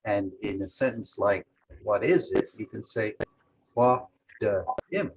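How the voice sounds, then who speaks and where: A man with a lowish voice, teaching a language lesson over a video call. He speaks very slowly and breaks each example down carefully. There is a faint hiss of background noise behind him. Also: low-quality recording. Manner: methodical, explains example sentences step by step.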